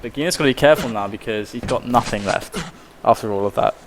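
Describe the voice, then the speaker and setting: A man casting a live esports match, excitable and loud at big plays. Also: medium pitch, quick pace, noisy background. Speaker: esports caster. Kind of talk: live game commentary.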